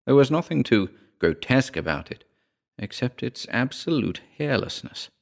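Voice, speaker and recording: A man reading a first-person story aloud in a wry, measured way. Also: medium pitch, very animated, creaky. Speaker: narrator.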